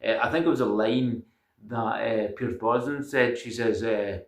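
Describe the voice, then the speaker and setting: A man with a medium-pitched voice and moderate pace gives his viewers insistent self-improvement advice in a casual monologue to camera. He lectures, constantly says "guys," and hesitates often with ums and uhs. The room is echoey and he's recorded from a distance.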